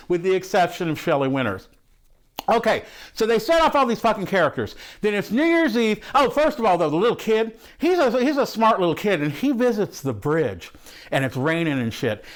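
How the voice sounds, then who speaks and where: A man playing a crude, horny movie fan who rambles and swears through a comic retelling of an old film. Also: high voice. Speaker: host reviewing a film. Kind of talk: comic character monologue.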